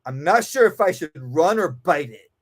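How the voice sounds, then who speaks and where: A man's voice: fairly high pitch, expressive, moderate pace. Man voicing a wary untrained dog, hesitant, puzzled, talking to itself. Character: wary untrained dog unsure whether to run or bite.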